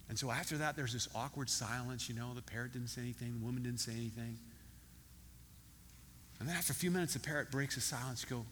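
Bright-voiced pastor in a reverberant hall. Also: male voice, medium pitch, quick pace, slight background noise. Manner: conversational, repeats words, many fillers. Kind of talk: sermon with a told joke. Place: church hall.

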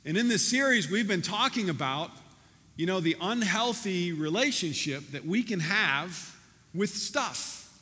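A man preaching a sermon in a church, talking in a loose, animated, conversational way with many restarts. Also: sits high, a little slow. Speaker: pastor. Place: church sanctuary. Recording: reverberant church hall.

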